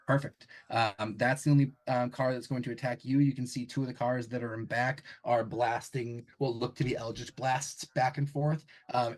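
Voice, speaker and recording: A man narrating as game master of a tabletop game, halting often with ums and restarts. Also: medium pitch, poor audio.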